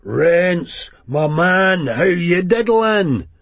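A cocky, exuberant Scottish lad with a high, loud and showy delivery, as a male reader acts him out. His voice is husky, and it is recorded dry. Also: big pitch swings, very slow, no room sound, heavily acted. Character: exuberant young Scottish man, boastful addict.

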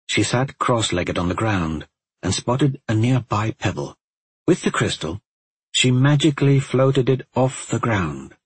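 A man calmly narrating a fantasy story in a steady, even storytelling manner. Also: mid-range voice, unhurried, slightly rough, no echo. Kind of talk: audiobook narration.

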